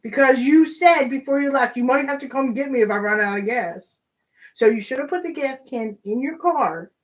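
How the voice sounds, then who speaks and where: A woman's voice: high voice, normal speed, rough recording. An American woman chatting casually with the host, teasing him in a dry way. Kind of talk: casual chat.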